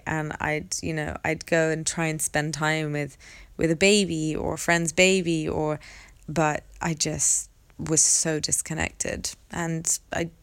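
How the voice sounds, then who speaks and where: A young adult woman hosting a podcast, telling a personal story in a candid, reflective way with hesitant pauses. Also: low-pitched, clear, resonant tone, dry recording. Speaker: podcast host.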